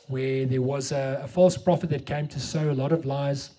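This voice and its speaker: A man's voice: mid-range voice, steady tone, normal speed, dark tone, slight background noise. A middle-aged South African man with an Afrikaans accent, preaching a sermon and telling a story, mixing English and Afrikaans.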